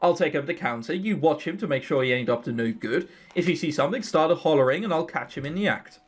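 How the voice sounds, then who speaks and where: A man voicing a gruff, insistent male shopkeeper with an American accent, holding a grudge. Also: a little high, expressive, quick pace. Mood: grumpy.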